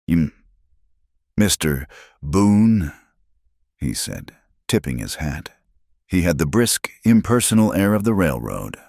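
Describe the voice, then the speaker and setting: Very deep, dramatic western storyteller man. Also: very animated, vocal fry, a little mellow, husky, dry recording, studio quality. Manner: dramatic, measured, pausing phrase by phrase. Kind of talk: scripted narration of a western story.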